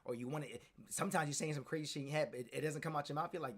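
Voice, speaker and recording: Emphatic male streamer with a bright edge. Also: a little high, racing, hardly any pauses. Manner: preachy and emphatic, repeats words, builds to shouting. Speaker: streamer giving a motivational talk. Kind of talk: motivational pep talk on a live stream.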